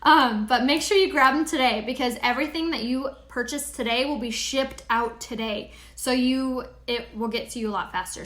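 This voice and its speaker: A woman hosting a live makeup tutorial, chatting upbeat with viewers and pitching her products. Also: fairly bright tone, echoey room. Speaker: makeup seller and tutorial host.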